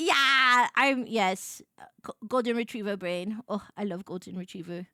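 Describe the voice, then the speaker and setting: A woman streamer chatting casually to her viewers, bubbly and excitable, rambling with lots of "like"s and squealing over cute things. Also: mid-range voice, unhurried, no echo, clean studio sound. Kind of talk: casual live-stream chat.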